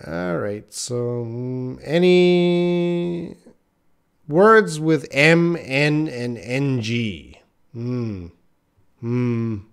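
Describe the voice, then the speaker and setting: Extremely slow, creaky yet smooth, this man's medium-pitched voice leads an English lesson on a live stream. He reads viewers' comments and names, thinking aloud and saying "uh" a lot.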